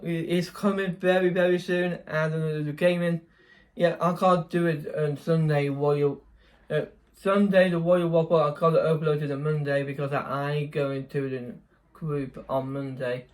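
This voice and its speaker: A man's voice: fairly high pitch, a little mellow. A young man chatting casually in a vlog, rambling, correcting himself and laughing often. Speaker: vlogger.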